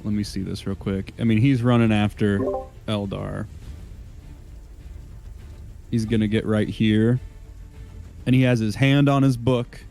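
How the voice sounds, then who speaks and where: Low-voiced male tabletop player. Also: fairly even intonation, unhurried, creaky, pauses often, mellow, soft background music. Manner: joking, teasing. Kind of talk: casual tabletop play.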